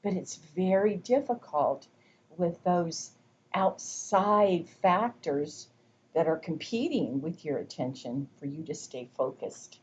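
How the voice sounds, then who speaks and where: A woman giving a recorded lecture, explaining slowly and deliberately, sometimes dropping to a whisper to demonstrate. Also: on the low side, expressive, a little mellow, highs cut off, a little hiss or hum.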